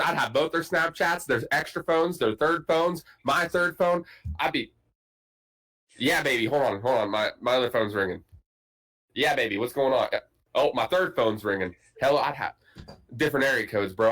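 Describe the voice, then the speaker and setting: A man's voice: on the high side, a bit bright, poor audio. A man hosting a podcast, telling a casual story in a profane, boisterous, joking way. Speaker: podcast host.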